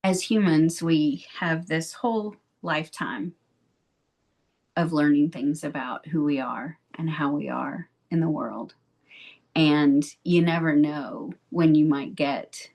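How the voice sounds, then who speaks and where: Slow, gentle low-voiced woman. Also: vocal fry. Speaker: podcast co-host, therapist. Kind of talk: calm advice talk.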